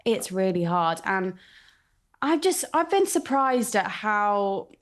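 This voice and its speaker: A woman talking football as a pundit, earnest and measured. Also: mid-range voice, sing-song. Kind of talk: casual football chat.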